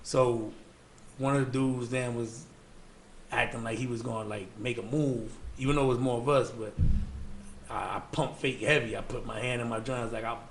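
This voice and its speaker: A Bronx man with a New York accent, appearing as a guest in a casual interview, tells loose, slangy stories packed with fillers. His mid-range voice has fairly even intonation and normal speed, recorded in an echoey room with faint ambient noise.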